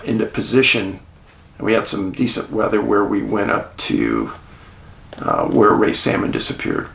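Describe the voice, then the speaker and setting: A man telling a behind-the-scenes story about a documentary shoot, animated and chuckling, with dramatic pauses. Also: lowish voice, vocal fry. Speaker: documentary filmmaker recounting a shoot. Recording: roomy echo.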